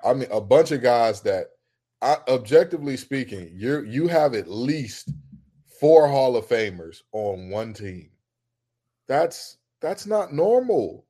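Man, sports co-host, casual debate, heated, emphatic, gets loud when ranting. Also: mid-range voice, sing-song, slow.

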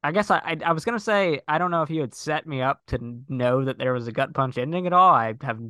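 Bright, smooth-voiced podcast guy. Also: fairly high pitch, quick pace, dry recording. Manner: enthusiastic, stammering restarts and jokey asides. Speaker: podcast co-host. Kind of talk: casual conversational film review.

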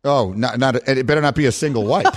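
A middle-aged man hosting a sports radio show, telling stories in a playful, animated way and laughing often. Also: mid-range voice. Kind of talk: casual sports radio chat.

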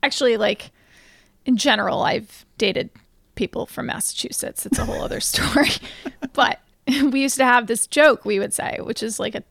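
Gravelly-voiced female podcast co-host. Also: a little high, normal speed, fairly bright tone, no echo, studio quality. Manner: chatty, giggly storyteller of corny puns. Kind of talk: casual chat.

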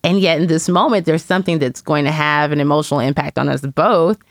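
A woman's voice: sits low, a little fast, no echo, studio quality. A woman in casual conversation, candidly and reflectively telling a personal story as a mother, with lots of "you know".

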